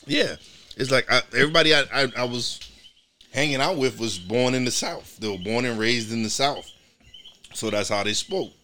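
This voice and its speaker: A man's voice: medium pitch, normal speed, sharp tone, a little hiss or hum. A man from New York hosting a podcast in casual chat, rambling with many restarts and repeated words. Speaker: podcast host.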